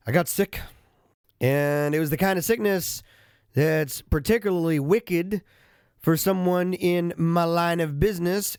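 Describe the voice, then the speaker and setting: Guy rambling into his studio mic, bit high voice, joking at himself, dry close sound. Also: no echo. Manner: chatty, self-mocking and animated. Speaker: vlogger and podcast host. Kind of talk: casual monologue to camera. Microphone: studio microphone with headphones.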